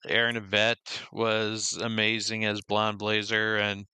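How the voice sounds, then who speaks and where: A man hosting a gaming podcast in casual chat, relaxed and moving things along. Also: on the low side, unhurried, clear, resonant tone, no echo. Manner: relaxed, moves the show along. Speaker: podcast host.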